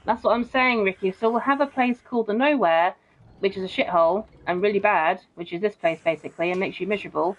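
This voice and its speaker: A woman's voice: mid-range voice, fast talker. A young woman casually chatting while streaming a game and reading out viewer comments, blunt and swearing freely. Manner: chatty and blunt, swears often, keeps saying bro. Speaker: gaming streamer. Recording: muffled, dull stream audio.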